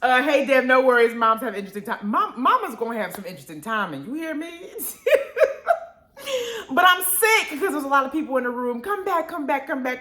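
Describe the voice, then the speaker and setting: A young woman hosts a live radio chat show. Her pitch swings widely as she laughs and repeats herself, and her voice rings in a roomy, echoing space. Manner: animated, laughs often, repeats words. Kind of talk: casual live radio talk. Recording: roomy echo.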